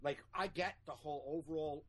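A man co-hosting a podcast in casual chat, agreeable and quick to say "right, right". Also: on the high side, a bit bright, husky. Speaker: podcast co-host.

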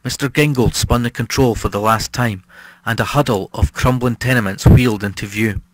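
A man's voice: mid-range voice, moderate pace, no echo, low-quality recording. Man narrating a horror audiobook. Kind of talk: scripted narration.

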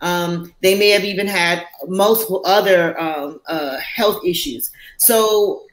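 A woman physician on a live panel, explaining in a measured, clinical way with pauses. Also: fairly low pitch, echoey room, rough recording. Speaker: physician guest.

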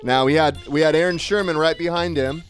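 A man co-hosting a live auction stream, playful and excitable, joking with his partner. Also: on the high side, soft background music. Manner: playful, excitable, quick teasing. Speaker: live show co-host.

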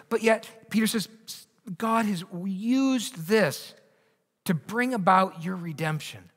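A male pastor preaching a sermon earnestly, often restarting his words and moving between raised and hushed delivery. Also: high-pitched, lively intonation, slow pace, in a large hall. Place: church sanctuary.

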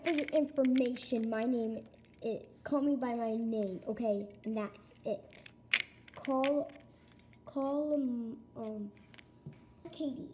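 A woman's voice: on the high side, slow, noisy background. A female performer voicing an angry, defiant young pet who has found out it is adopted, in a toy-pet home video role-play. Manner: sulky, yelling back.

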